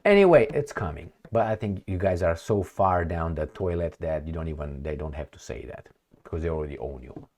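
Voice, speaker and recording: Deep-voiced man mocking commentary. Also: brisk. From Romania. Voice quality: sarcastic, mocking. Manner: rambling, animated, frequent fillers and laughs. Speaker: political commentary vlogger. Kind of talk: casual commentary vlog.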